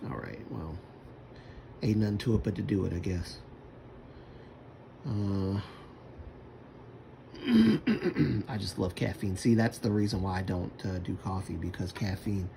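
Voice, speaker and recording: Low gravelly man rambling on stream. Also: expressive, takes it slowly, long pauses, background noise. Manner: rambling, self-talking. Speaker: livestreamer. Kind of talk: casual stream chat while using a computer.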